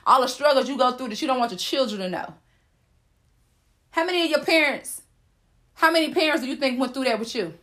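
Woman, high voice, sassy, preachy, casual monologue host. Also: fairly bright tone. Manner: sassy, preachy, playful asides.

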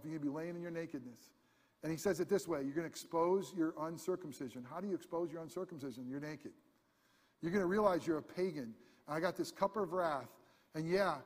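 A man preaching a sermon as pastor, impassioned, swinging from hushed asides to loud cries. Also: fairly high pitch. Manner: impassioned preaching, rising to shouts. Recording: long hall reverb.

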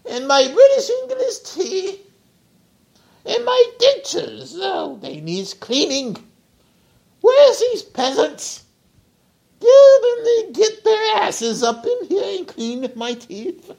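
A man's voice: wildly swooping pitch, vocal fry, darkish tone, heavily acted. A man doing a haughty, greedy old queen. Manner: mocking falsetto, drawn-out and sing-song. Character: haughty, greedy elderly queen, money-demanding. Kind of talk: comic impression in a podcast rant.

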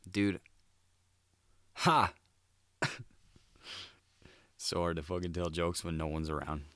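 Male podcast host, very low smooth voice, crude and laid-back, dry close sound. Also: little pitch movement, measured pace, no echo. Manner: crude, laid-back, swears a lot and says "dude". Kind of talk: solo comedic monologue.

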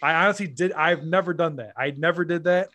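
A man telling a funny story in a casual, profane podcast chat, animated and laughing often. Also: fairly high pitch, brisk.

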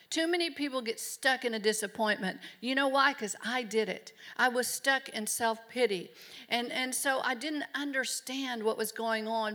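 A woman's voice: on the high side, sharp tone. A middle-aged woman preaching a sermon in an emphatic, earnest way. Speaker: pastor.

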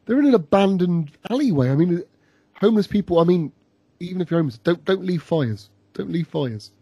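A man's voice: high-pitched, animated, brisk, warm tone, slightly rough, no room sound. A man chatting casually on a podcast, rambling with lots of fillers and frequent laughter. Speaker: podcast host. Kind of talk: casual chat reviewing an episode.

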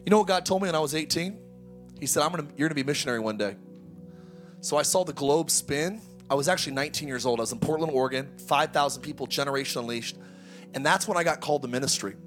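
A man in his thirties preaching a sermon, energetic and exhortative, with humorous asides. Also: a little high, fast, soft background music. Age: 30s. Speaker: pastor.

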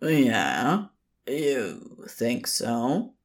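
A woman's voice: a bass voice, big pitch swings, very slow, husky, voice pushed down, exaggerated voice. A woman voicing a lanky, sullen young man who drawls slyly, in a storybook reading. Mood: sullen, drawling.

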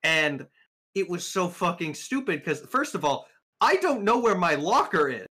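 A young man co-hosting a casual podcast, sarcastic and excitable, swearing heavily as he vents about school rules. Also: high-pitched, moderate pace, breathy edge. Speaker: podcast co-host. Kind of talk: casual ranting chat.

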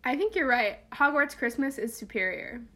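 A young woman talks films with a friend in an easy, giggly way. Her voice is bright and sits a little high. She keeps breaking into quoted lines. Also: lively intonation, normal speed. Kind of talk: casual chat.

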